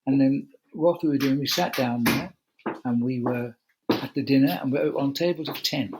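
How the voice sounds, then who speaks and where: With background noise behind him, the same kind of relaxed storytelling unfolds: an older veteran cycling commentator recounts a lengthy anecdote over video call and performs the quotes. He speaks at a moderate pace in a medium pitch.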